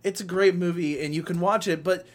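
A man's voice: high-pitched, fairly even intonation, fairly quick. A young man co-hosting a casual podcast chat, ranting animatedly with lots of swearing and laughter. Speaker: podcast co-host.

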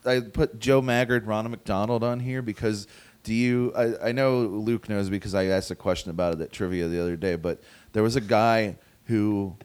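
A man chatting casually on a podcast, animated and swearing freely as he tells a strange story. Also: lowish voice, normal speed, clean tone. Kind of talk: casual chat.

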